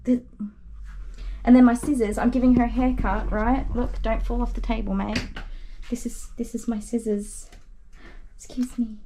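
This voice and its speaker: A woman's voice: on the high side, flat delivery, moderate pace, background noise. A woman dog groomer chatting on a live stream from her grooming salon, cooing over a tiny dog and sometimes dropping to a whisper.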